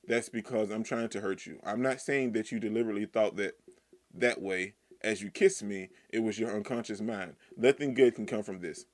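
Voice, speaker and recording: A man's voice: fairly low pitch, moderate pace, no room sound, lightly acted. A man reading as a proud, cold young deer.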